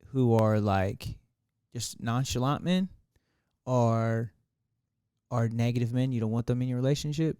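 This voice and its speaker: A man's voice: fairly low pitch, mellow, smooth, dry recording, clean studio sound. A man co-hosting a podcast, rambling through his thoughts with lots of fillers in casual chat. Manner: rambling, thinks aloud with many fillers. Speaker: podcast co-host.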